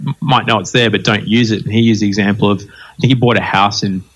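A man's voice: fairly low pitch, fast talker, lo-fi sound. A man hosting a podcast, telling stories in casual chat with lots of fillers and laughter. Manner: animated storytelling with frequent laughs and fillers. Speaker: podcast host.

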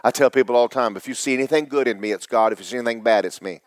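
A middle-aged male pastor preaching, his voice tearful, dropping to whispers and rising to loud cries. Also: medium pitch, racing, dry recording. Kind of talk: sermon.

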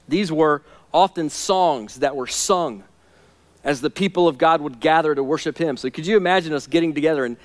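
High-voiced man preaching a sermon. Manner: earnest, conversational preaching with direct questions to listeners. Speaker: pastor.

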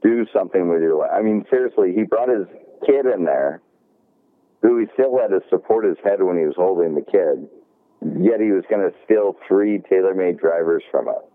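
A man's voice: low voice, normal speed, dry recording. A man casually telling a work story, acting out the dialogue and swearing freely. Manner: animated retelling, acts out dialogue, swears. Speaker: golf shop worker. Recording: dry, tinny phone-like sound.

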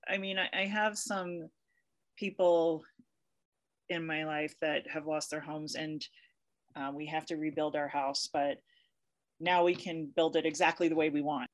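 A woman with a deep voice answers interview questions in a chatty, heartfelt way. She laughs easily and speaks with real feeling, like a professor talking off the cuff. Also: flat delivery, measured pace, pauses often. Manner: emotional, chatty storyteller who laughs easily. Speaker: interview guest, university professor. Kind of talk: conversational interview.

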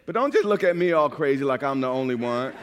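A man from New York preaching a sermon as a pastor, animated and at times shouting. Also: mid-range voice, fast talker, big-room sound, slight background noise.

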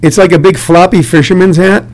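An older man hosting a comedic radio chat, telling jokey stories and breaking into shouty put-on rants. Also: high voice, fairly even intonation, brisk, poor audio.

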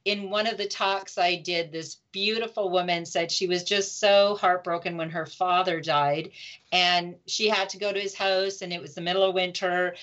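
Animated woman telling heartfelt stories. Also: fairly low pitch, moderate pace. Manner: animated, emotive storytelling, laughs often. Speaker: guest, grief support speaker. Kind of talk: conversational interview. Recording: slightly dull lo-fi audio.

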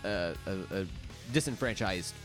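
A man's voice: low voice, animated, normal speed. Man, sarcastic co-host, casual profane banter, faint guitar music underneath. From Oklahoma. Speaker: podcast co-host. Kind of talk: casual chat.

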